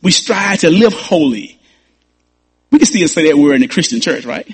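Male pastor, higher voice, husky tone, emphatic sermon delivery with stammered restarts. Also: lively intonation, moderate pace. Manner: emphatic preaching with repeated phrases and stammered restarts.

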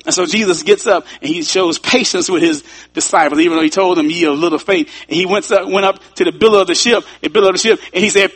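A man's voice: high-pitched, fairly quick, fairly bright tone. A man preaching a sermon as pastor, building emphasis and calling out to his congregation. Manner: preaching with rising emphasis and call-outs to the congregation.

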